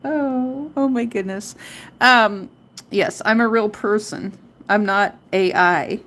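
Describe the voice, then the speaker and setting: Slow-talking woman hosting a crochet livestream. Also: medium pitch, a bit bright. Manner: chatty, counts stitches aloud, breaks into song and jokes. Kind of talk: casual live crochet tutorial.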